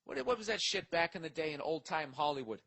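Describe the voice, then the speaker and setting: A man's voice: fairly high pitch, animated, fast, fairly bright tone, husky, rough recording. A man hosting a comedy podcast, ranting profanely and rambling as he reacts to listener mail. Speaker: podcast host. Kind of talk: casual comedic podcast rant.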